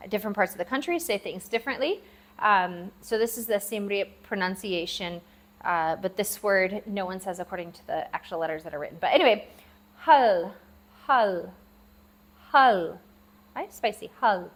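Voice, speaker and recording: A woman leads a language lesson at a steady, mid-range pitch. She talks patiently, repeating each new word slowly and spelling it out for her learners. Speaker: language teacher. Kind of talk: classroom-style language lesson. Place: lives abroad in Southeast Asia.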